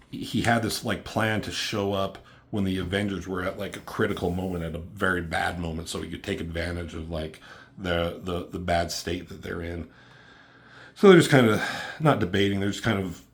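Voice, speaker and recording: A man with a notably low voice talks through a comic book review in a loose, rambling way. He leans on fillers and drops casual swears as he sums up the story.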